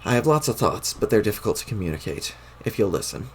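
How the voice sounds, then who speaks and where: This is a haughty, stiffly formal troll aristocrat, as a man reading a webcomic aloud plays him. He speaks in a low, gravelly voice, and his wording stays prim and proper throughout. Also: very animated, quick pace, a little hiss or hum.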